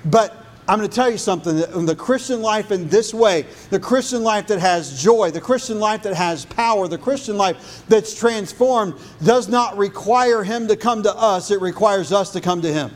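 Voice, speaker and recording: High-voiced pastor preaching. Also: male voice, normal speed, hardly any pauses. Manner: rhythmic preaching, repeating phrases, dropping low and soft for emphasis. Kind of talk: sermon.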